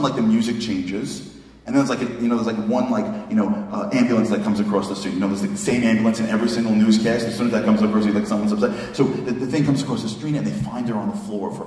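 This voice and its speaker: A man's voice: lowish voice, mellow. Middle-aged guy telling stories at a lecture, emotional, lots of "like", echoey hall, mic far off. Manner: emotional, self-mocking, lots of "like" fillers. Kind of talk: animated storytelling lecture. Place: synagogue hall.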